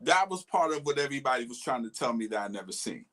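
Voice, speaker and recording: A man's voice: mid-range voice, animated, fast, a bit bright. A man co-hosting a live-streamed chat show, laid-back and blunt, joking with his co-host. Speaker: podcast co-host.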